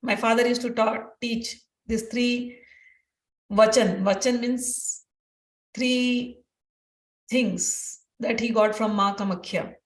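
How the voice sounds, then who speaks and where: A woman's voice: on the high side, steady tone, slow. A woman giving an earnest devotional teaching talk, telling personal stories and repeating phrases for emphasis. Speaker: spiritual teacher. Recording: roomy distant mic.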